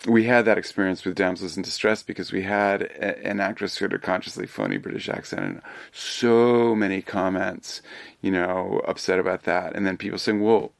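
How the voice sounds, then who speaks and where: Deep, gravelly older American man. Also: steady tone, moderate pace, no room sound. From United States. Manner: dry, wry humor, digressive and thoughtful. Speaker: film director being interviewed. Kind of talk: relaxed interview answers.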